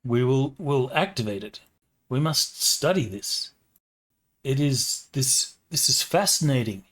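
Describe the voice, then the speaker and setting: A man voicing an alien scientist who is entranced by strange machines, speaking in a halting, distracted way during a tabletop role-play. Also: medium pitch, animated, a bit bright.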